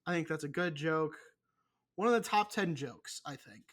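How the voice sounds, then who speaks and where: A man's voice: fairly high pitch, animated, normal speed, fairly bright tone, slight background noise. Profane, rambling young man. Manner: profane, rambling, self-mocking. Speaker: podcast co-host. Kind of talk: casual chat.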